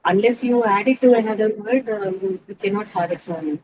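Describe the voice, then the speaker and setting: A woman's voice: medium pitch, brisk, muffled recording. Female teacher, online class, explanatory, keeps asking "right?", noticeable background noise. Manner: explanatory, often checks with "right?". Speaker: English teacher.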